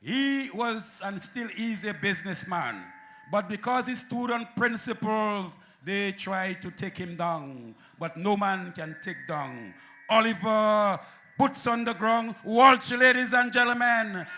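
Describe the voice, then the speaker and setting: Man, rally emcee, bright sharp tone, high voice. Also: animated, takes it slowly, slight background noise. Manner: emphatic, builds up names with flourish. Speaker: rally master of ceremonies. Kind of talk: announcing speakers at a rally. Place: outdoor political rally.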